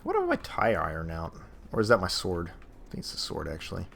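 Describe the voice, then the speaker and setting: A man's voice: low voice, wildly swooping pitch, brisk, vocal fry, fairly bright tone, slight background noise. A man casually commenting on his own gameplay as a streamer, joking and chatty, with a lot of laughing.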